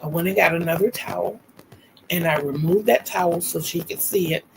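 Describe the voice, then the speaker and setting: A woman's voice: lowish voice, fairly quick, gravelly, slight background noise, rough recording. A middle-aged woman, hosting a livestream and telling personal stories in a casual, chatty way to viewers she calls y'all. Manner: warm storyteller, laughs often, talks to viewers as y'all. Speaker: livestream host. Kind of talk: casual storytelling chat.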